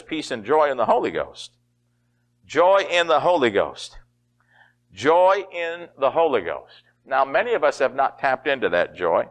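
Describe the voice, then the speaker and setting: A middle-aged man preaching a sermon as pastor, folksy and animated, often laughing and acting out quotes. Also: a little high.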